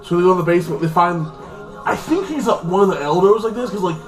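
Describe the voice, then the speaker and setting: A man races through a rambling, casual TV episode recap in a high voice, packing it with "like." Faint music sounds in the echoey room where he's recording.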